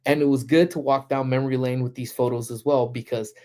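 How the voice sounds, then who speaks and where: A man's voice: mid-range voice, steady tone, a little fast, dark tone. A man hosting a casual livestream chat, rambling with lots of "you know" fillers and restarts, greeting viewers by name. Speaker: livestream host.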